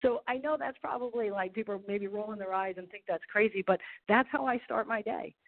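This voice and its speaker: A woman's voice: medium pitch, brisk. A middle-aged woman, a golf professional and speaker, talking as an upbeat, motivational radio interview guest. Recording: tinny phone line.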